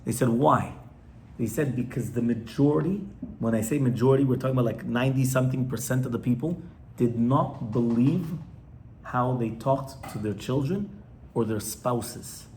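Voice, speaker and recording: A man's voice: mid-range voice, moderate pace, darkish tone, slight background noise. A man, a rabbi, teaching an informal class to a live audience in a conversational way, often stopping to ask his listeners questions.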